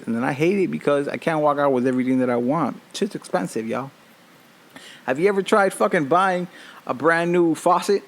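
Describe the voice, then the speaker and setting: A man in his thirties telling casual stories on his own podcast, cursing freely and laughing often. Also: mid-range voice. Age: 30s. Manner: profane, animated, laughing often. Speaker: podcast host. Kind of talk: casual storytelling monologue.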